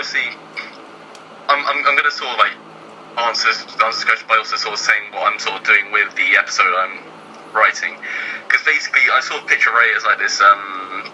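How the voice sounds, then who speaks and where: A man's voice: fairly low pitch, normal speed, pushed and bright, slight background noise, rough recording. A man talking as a guest writer in casual chat, hesitant and filling his speech with ums and "sort of".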